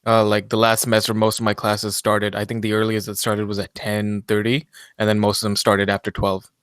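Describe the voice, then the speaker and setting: A college-age man co-hosting a casual podcast, making dry, deadpan quips. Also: on the low side, a little fast, clear, resonant tone, no room sound. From Pacific US. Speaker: podcast co-host.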